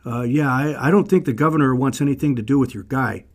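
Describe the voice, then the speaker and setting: A man's voice: mid-range voice, fast, a little mellow, lightly acted. A man voicing a hesitant Roman guard who stammers with fillers.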